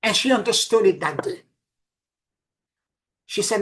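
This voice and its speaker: A woman giving a casual spiritual talk, telling stories earnestly and repeating her points, dropping to soft asides and rising to emphatic peaks. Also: mid-range voice, animated, normal speed, long pauses, poor audio. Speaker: spiritual teacher.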